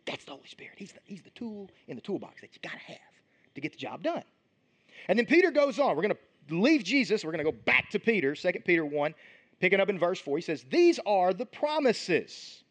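A man preaching a sermon as pastor, in an animated, conversational way with frequent restarts. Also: high-pitched, brisk.

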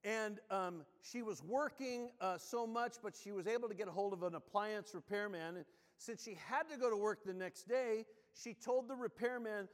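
A man preaching a sermon as pastor, telling stories with lively energy and dropping low and slow when he reads scripture. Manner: animated storytelling, drops low and slow when reading scripture. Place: church sanctuary. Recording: long reverb of a church hall.

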